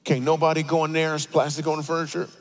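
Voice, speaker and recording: A man preaching a comedic sermon in a church auditorium, telling stories with animated, playful asides. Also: fairly high pitch, fast talker. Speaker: guest speaker.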